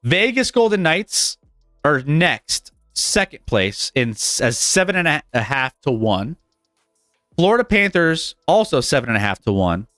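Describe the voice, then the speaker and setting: Animated, chuckling male sports host. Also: fairly high pitch, measured pace, no echo, clean studio sound, soft background music. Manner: animated, chuckles often, stumbles and restarts. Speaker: sports betting show host. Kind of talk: casual sports talk on a live stream.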